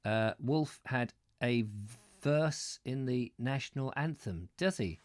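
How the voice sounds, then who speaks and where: A man's voice: medium pitch, animated, slow pace, a little mellow. A man from England hosting a live stream, reading a book aloud and chatting casually about viewer comments, stumbling over names.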